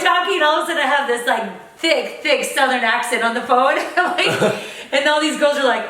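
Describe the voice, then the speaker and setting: Bright high-voiced mother telling a story. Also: a little fast. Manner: animated storyteller, laughs often. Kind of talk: casual family storytime chat. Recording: echoey room, mic at a distance.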